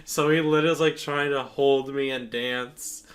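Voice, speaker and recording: A man's voice: mid-range voice, steady tone, normal speed. Easygoing young man chatting with friends. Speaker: friend in a group chat. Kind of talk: casual chat among friends.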